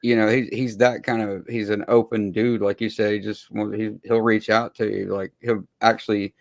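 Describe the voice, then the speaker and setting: Laid-back host guy, lowish voice, swears a lot, rambles along. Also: little pitch movement, normal speed, vocal fry, no echo. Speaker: podcast host. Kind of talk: casual interview chat.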